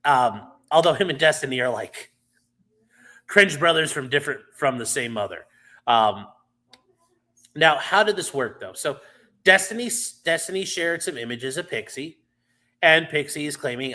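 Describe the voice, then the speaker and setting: A man's voice: on the high side, lively intonation, normal speed, bright, forceful tone. A man hosting a live stream, casually explaining a legal case with many fillers and restarts.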